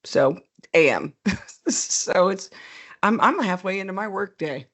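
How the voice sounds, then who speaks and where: A middle-aged woman co-hosting a podcast, telling stories in a lively casual chat and laughing often. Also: mid-range voice, a little slow, slightly rough. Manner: animated storyteller, laughs often. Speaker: podcast co-host.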